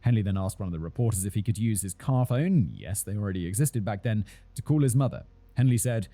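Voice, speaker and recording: Low-voiced male true-crime narrator. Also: expressive, fast talker, dark tone. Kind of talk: scripted narration.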